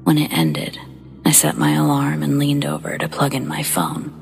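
A woman hosting a horror story show, reading first-person accounts in a hushed, breathy whisper with a slow, measured delivery. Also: low voice, big pitch swings, soft background music. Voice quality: breathy whisper with gravelly fry. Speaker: horror story narrator and host.

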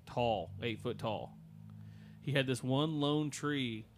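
A man hosting a podcast, telling a story in a casual, halting way with many fillers and restarts. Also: mid-range voice, slight background noise. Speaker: podcast host.

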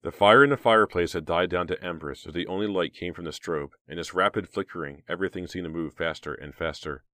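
Deep-voiced man narrating a horror audiobook. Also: dry recording. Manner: steady, measured reading.

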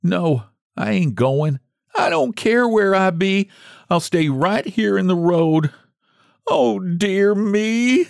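A man's voice: high voice, lively intonation, a little slow, gravelly, no room sound, studio quality, voice pushed up, exaggerated voice. A man voicing an elderly countrywoman who wails in self-pity, in quavering rural dialect. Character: elderly woman, wailing and self-pitying.

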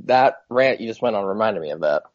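A man's voice: fairly low pitch, lively intonation, brisk, no echo, highs cut off. A young man co-hosting a sports podcast, telling anecdotes in a loose, easygoing way. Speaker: podcast co-host. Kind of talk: casual sports podcast chat.

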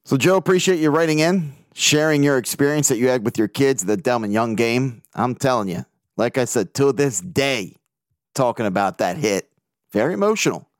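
This is a man talking through his own sports podcast, excitable and quick to swear as he relives big games and reads out emails from listeners. His voice sits at an ordinary middle pitch. The sound is dry and close, with no room around it. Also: no echo. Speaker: podcast host. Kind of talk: casual podcast monologue.

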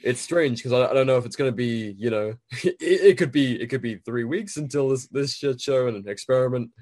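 A man in a loose, joking conversation, full of sardonic jabs. He trips over his words and repeats himself as he goes. His voice sits at a middle pitch for a man. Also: brisk, a little mellow. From Britain. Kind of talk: casual chat.

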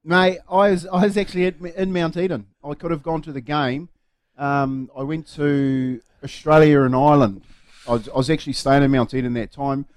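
A man with a New Zealand accent co-hosts breakfast radio, his voice on the high side with a steady tone, moderate pace, and darkish quality. Recorded on a studio microphone with clean sound and no room noise, he tells a rambling, chatty, anecdotal story as part of casual radio banter.

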